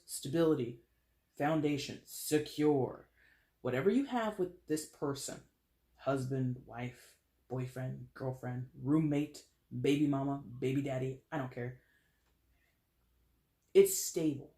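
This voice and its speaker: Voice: mid-range voice, measured pace, warm tone. A tarot card reader giving a casual monthly reading straight to the viewers, talking frankly with loose swearing and lots of pop-culture asides. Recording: roomy echo.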